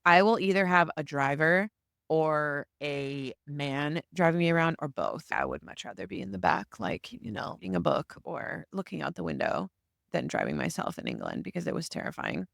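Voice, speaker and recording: An American woman hosting a solo podcast, telling stories in a chatty, animated way. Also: low-pitched, creaky, clean tone, no room sound, studio quality. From United States. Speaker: podcast host.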